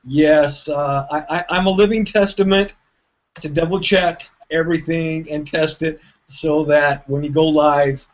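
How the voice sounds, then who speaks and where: A man's voice: a little high, steady tone, measured pace, dull audio. Laughing, self-deprecating man on a call. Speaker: guest. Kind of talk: casual chat. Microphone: video call.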